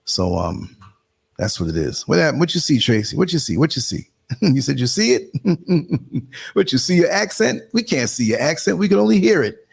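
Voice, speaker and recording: Host type: New York man, lowish husky voice, loose chatty delivery, talks while clicking around. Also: darkish tone. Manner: chatty, laughs often, talks while working the computer. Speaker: live show host. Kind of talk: casual livestream talk.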